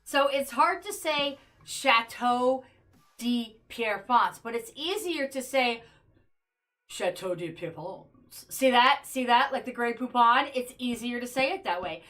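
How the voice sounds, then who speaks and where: A woman's voice: fairly high pitch, unhurried, a bit bright. A woman streaming a game and chatting casually with her viewers, joking as she plays. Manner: chatty, joking asides to chat. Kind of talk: casual gameplay livestream chat.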